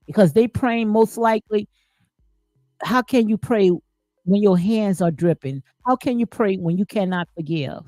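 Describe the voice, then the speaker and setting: A woman's voice: mid-range voice, expressive, unhurried, warm tone, no room sound, faint music behind. A woman hosting a live stream, reading viewer comments and answering in an emphatic, preachy way, full of folksy sayings and "honey.".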